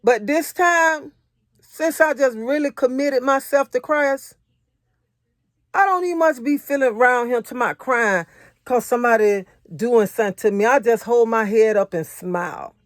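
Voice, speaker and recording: At normal speed and fairly high pitch, a married adult woman gives a motivational faith message in a dry, studio-quality recording. Her style is earnest, repetitive, conversational preaching, and she shares a personal testimony in relaxed everyday speech.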